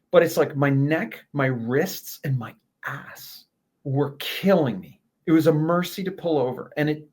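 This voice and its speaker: A man, a guest telling a lively travel story in a casual interview, laughing and swearing as he goes. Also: a little high. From Canada.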